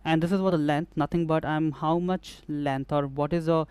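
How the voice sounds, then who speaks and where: Guy walking thru a beat tutorial, slightly high clear voice, restarts his phrases a lot. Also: steady tone, moderate pace, a little mellow, no room sound. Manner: explanatory, repeats and restarts phrases while demonstrating. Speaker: music production instructor. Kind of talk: hands-on software tutorial.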